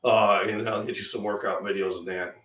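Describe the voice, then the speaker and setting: A man's voice: fairly low pitch, level tone, brisk, a bit bright. Midwest guy rambling on his breakfast chat, a bit sick, kinda far from the mic in an echoey room. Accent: Midwestern American. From Illinois, US Midwest. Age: middle-aged. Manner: rambling, chatty, frequent fillers. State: under the weather, coughing and throat-clearing. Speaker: fitness channel host. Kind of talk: casual live-stream breakfast chat.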